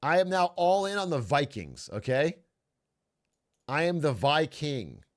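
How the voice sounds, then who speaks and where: This young man's voice is on the high side, very animated, and a little slow. He streams a strategy game in casual gameplay chat, cracking jokes and swearing, and he talks himself through his nerves, repeating himself as he does. Game music hums faintly behind.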